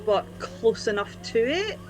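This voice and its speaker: A woman's voice: on the high side, sing-song, measured pace. A woman playing a tabletop game, rambling and chatty in casual talk. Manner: rambling, chatty, laughs often. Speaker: player.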